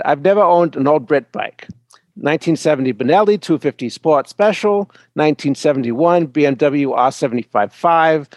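A man's voice: a little high, a little mellow, dry recording. Man reading a listener email aloud. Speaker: co-host.

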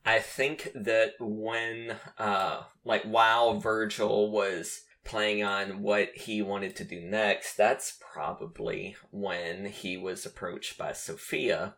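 A man running a tabletop role-playing session for his friends, relaxed and hesitant with many fillers. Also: on the low side, slow pace, hardly any pauses. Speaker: game master. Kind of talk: running a tabletop game over a call.

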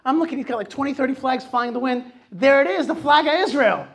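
A middle-aged man hosting a talk show, telling stories in a lively, animated way and acting out what people said to him. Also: extremely high pitch, fast, gravelly. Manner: animated storytelling, acts out quotes. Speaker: host. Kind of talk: casual radio talk.

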